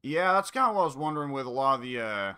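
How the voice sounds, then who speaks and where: A man's voice: medium pitch, very animated, quick pace, bright, forceful tone, clear, resonant tone, dry recording, soft background music. A man chatting casually with a friend while gaming, rambling with frequent fillers. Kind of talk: casual chat.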